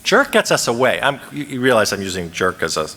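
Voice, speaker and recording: A man lecturing a live audience into a microphone in a conference hall, and his voice carries a long reverb. His tone is bright and forceful, with pitch that swings widely as he poses questions and acts out quoted lines. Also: very animated, a little fast. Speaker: conference speaker.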